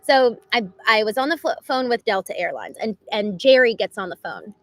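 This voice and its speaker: A woman hosting a livestream, talking unscripted in an earnest, animated way, with lots of "like" and quick restarts. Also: a little high, low-quality recording. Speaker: livestream host. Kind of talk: unscripted reflective monologue.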